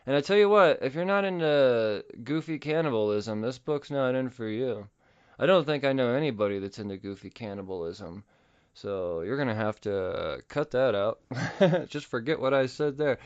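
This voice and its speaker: A man hosting a podcast, casually recapping a comic book with profanity and quick voice impressions. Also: medium pitch, clear, resonant tone, dull audio. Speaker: podcast host.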